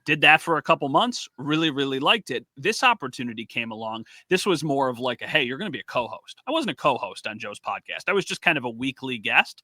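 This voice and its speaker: A man's voice: mid-range voice, fairly quick, hardly any pauses, no echo. A man co-hosting a sports podcast, chatting casually and telling stories animatedly, acting out the quotes. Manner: animated storyteller, acts out quotes. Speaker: podcast co-host and sports reporter.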